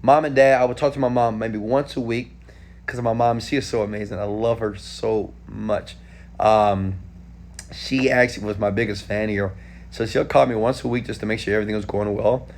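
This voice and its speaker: A man in his thirties from Houston, Texas, answering viewer questions in a casual live stream, animated and talking straight to viewers. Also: lowish voice, moderate pace. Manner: animated, talks straight to viewers with frequent "okay?".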